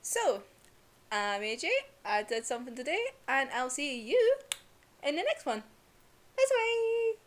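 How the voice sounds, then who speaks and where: Gushing young woman, fairly high voice. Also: big pitch swings, normal speed, a bit bright. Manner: gushing, laughs often, swears casually. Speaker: vlogger reviewing manga. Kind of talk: casual emotional rant.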